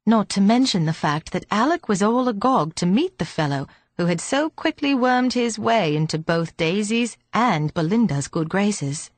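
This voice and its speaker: A woman narrating an audiobook in a steady, measured reading. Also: mid-range voice, no room sound. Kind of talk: scripted narration.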